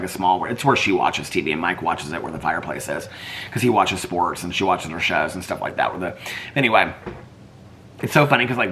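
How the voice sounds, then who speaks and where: A man's voice: sits low, sharp tone, a little hiss or hum. A man vlogging in casual chat, rambling and filling his talk with "like". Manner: rambling, heavy use of "like".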